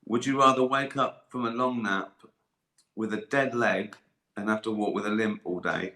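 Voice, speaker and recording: A man's voice: fairly low pitch, a little slow, bright, forceful tone. An older man, chatting casually on a live stream, rambling, swearing and laughing often. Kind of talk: casual chat. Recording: echoey room.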